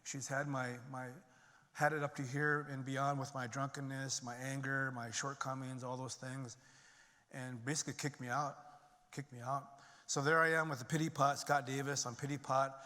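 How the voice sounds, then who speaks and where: A man's voice: medium pitch, little pitch movement, normal speed, sharp tone. Middle-aged guy telling his recovery story on stage, loose and rambly, lots of you-knows, big hall echo. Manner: conversational, many fillers and restarts. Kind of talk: personal testimony talk. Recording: long reverb of a large hall.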